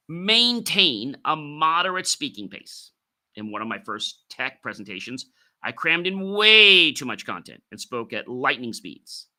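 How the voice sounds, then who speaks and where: A middle-aged man hosting a solo podcast about speaking skills. He talks in an animated, emphatic way with sudden jumps in pitch and volume. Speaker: podcast host.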